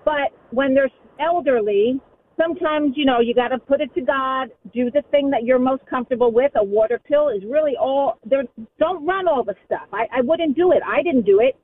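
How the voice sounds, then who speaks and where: Radio caller, high voice, phone-line sound with faint hiss, heartfelt, rambling. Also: moderate pace. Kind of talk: call-in radio talk.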